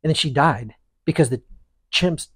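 A man casually telling a long story on a podcast, animated and rambling with frequent restarts. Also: fairly high pitch, normal speed, husky, no room sound, clean studio sound. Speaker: podcast co-host.

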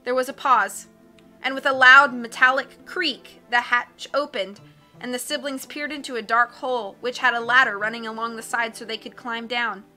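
A woman narrating a novel aloud with an expressive, storytelling delivery. Her voice sits high and sounds very bright, with soft music under the reading. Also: normal speed. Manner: expressive, lifts her voice for dialogue. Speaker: audiobook reader.

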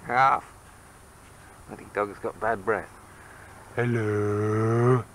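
A man's voice: medium pitch, normal speed, slight background noise, rough recording. A man filming a home video on a camcorder, talking playfully and coaxingly to his toddler at home. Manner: coaxing, teasing, animated. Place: family home. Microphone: camcorder microphone.

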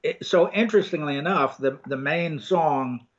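An older man shares his opinions on a film, casual and halting, full of ums and restarts. His voice sits a little high. The recording sounds dull and lo-fi. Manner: rambling, hesitant with many ums and restarts. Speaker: co-host film reviewer. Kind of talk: casual review chat.

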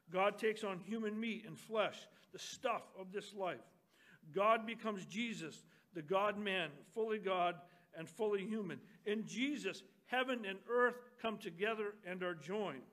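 An older man, a pastor, giving a sermon in church and gently reading a children's story aloud to the congregation. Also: sits high.

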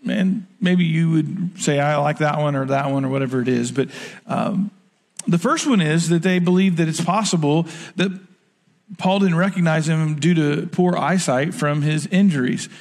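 A man's voice: on the high side, moderate pace, a little mellow. A man preaching a sermon in a conversational way, acting out the quoted lines. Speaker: pastor. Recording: long church reverb.

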